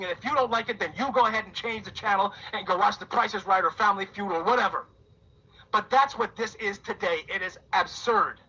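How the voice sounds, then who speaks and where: A Bahamian man in his forties rants on a talk radio show in a high, bright, husky voice that hammers each point with repetition and sarcasm. The sound is dull and lo-fi, like a radio broadcast. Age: 40s. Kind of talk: impassioned on-air rant.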